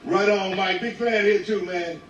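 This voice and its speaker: A man joking loudly on stage in a slangy, playful way. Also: high voice, steady tone, moderate pace, highs cut off. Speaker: comedian. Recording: echoey, distant, noisy.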